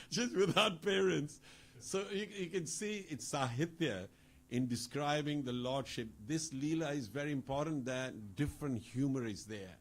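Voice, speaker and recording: Man giving a relaxed devotional talk. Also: fairly high pitch, unhurried. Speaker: speaker at a temple festival.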